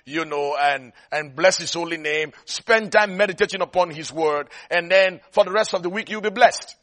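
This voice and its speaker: A man's voice: sits high, sharp tone. A man preaching a sermon, driving points home with repetition and often checking that his listeners are following.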